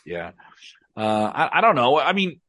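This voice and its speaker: Man, podcast guest, emphatic, passionate, mid-pitched, dry close sound. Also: sing-song, a little slow, pushed and bright, no room sound. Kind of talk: casual podcast chat.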